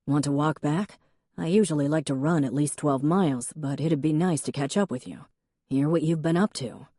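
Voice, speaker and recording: A woman reads a mild, self-assured young man in an audiobook. His voice sits low and mellow and stays gently earnest as he preaches about work and goals. The recording is dry and close. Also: moderate pace, no room sound. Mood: mild preachy.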